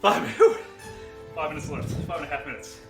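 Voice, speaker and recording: Man, co-host, bright clear tone, slightly higher voice, casual stream banter, faint music behind. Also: animated, moderate pace. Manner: upbeat, calling out challenges and reading chat.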